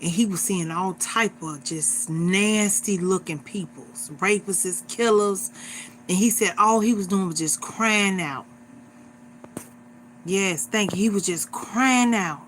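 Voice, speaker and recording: A woman in her forties hosts a livestream and speaks slowly in a medium-pitched voice, addressing her viewers in an earnest, repetitive, exhorting way, like a casual sermon. A little hiss or hum sits under the recording.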